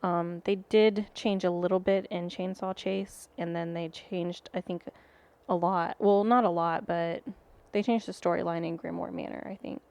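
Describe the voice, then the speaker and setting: A woman's voice: on the low side, steady tone, normal speed, creaky, darkish tone. A woman co-hosting a podcast, chatting casually with many hesitant ums. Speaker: podcast co-host. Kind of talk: casual chat.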